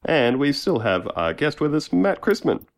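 A man's voice: on the high side, big pitch swings, normal speed, a little hiss or hum. An Australian man hosting a podcast in a jokey, casual way. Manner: jokey, laughs often. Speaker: podcast host.

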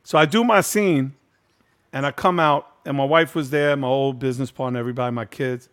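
A man's voice: medium pitch, fairly quick, fairly bright tone. A middle-aged man hosting a casual chat, telling a long story in loose street slang with plenty of swearing. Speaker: host.

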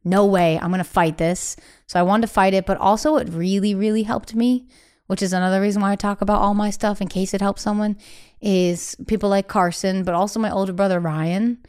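A young woman, a podcast guest, telling her own story candidly and acting out what family members said in quick bursts. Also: mid-range voice, steady tone, darkish tone, smooth. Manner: acts out quoted family speech, breathless bursts.

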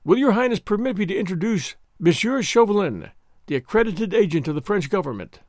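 A man's voice: sits high, sing-song, a little fast, darkish tone, dry recording, clean studio sound. A man voicing a courteous English lord with a ceremonious, deferential manner. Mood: formal.

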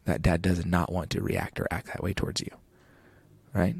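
A man with a low, gravelly voice speaks as a guest on a podcast. He talks in an earnest, reflective way, often restarting his sentences. The sound is dry and close to the mic. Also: steady tone, normal speed, dry recording. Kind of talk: podcast conversation.

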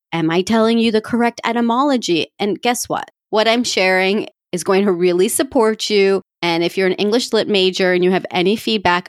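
A woman's voice: medium pitch, no room sound, clean studio sound. A woman hosting a podcast, giving casual self-help advice in a chatty, coaching way, often laughing at herself and talking straight to her listeners. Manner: coaching, addresses listeners directly. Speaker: podcast host.

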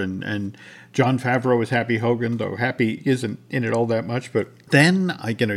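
A man's voice: mid-range voice, vocal fry. A man co-hosting a podcast, talking casually and reading news and sponsor copy. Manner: conversational, many restarts, reads sponsor copy. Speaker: podcast co-host.

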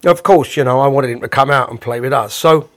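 A man, a bandleader, casually telling a rambling, animated anecdote with the odd chuckle. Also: medium pitch, fairly quick.

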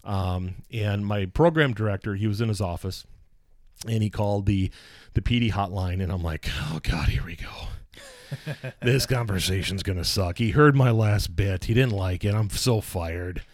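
Animated male radio personality telling stories. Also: lowish voice, moderate pace. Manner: animated storyteller, swears, acts out quotes. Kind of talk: casual conversation, storytelling.

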